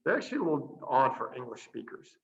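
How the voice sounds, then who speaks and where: A middle-aged man, a priest, chatting casually over a video call and patiently teaching a short phrase, slowing down to spell out each sound. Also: mid-range voice, big pitch swings, creaky, highs cut off. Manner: warm, chatty, laughs easily, slows down to spell out sounds. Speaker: priest and missionary guest.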